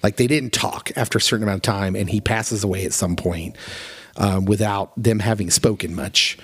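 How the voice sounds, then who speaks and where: A man's voice: fairly low pitch, steady tone, normal speed, a bit bright, husky, dry recording. A man co-hosting a podcast, earnestly retelling a story in casual chat with plenty of feeling. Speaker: podcast co-host.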